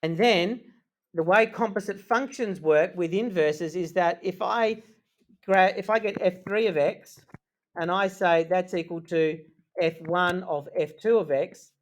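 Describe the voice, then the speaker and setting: A male maths teacher gives a live lesson to his class. His voice sits a little high, and he keeps things casual and joking. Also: unhurried.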